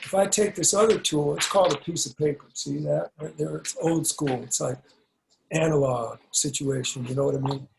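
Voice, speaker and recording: A man's voice: a little high, steady tone, normal speed, gravelly, background noise. A man speaking as a podcast guest, explaining ideas in a laid-back, slangy way over a video call. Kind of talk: conversational explaining.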